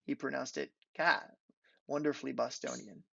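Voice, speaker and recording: A young man reading aloud from his own literary prose thesis at a measured, deliberate pace. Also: mid-range voice, steady tone, gravelly, no room sound. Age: young adult. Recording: dull lo-fi recording.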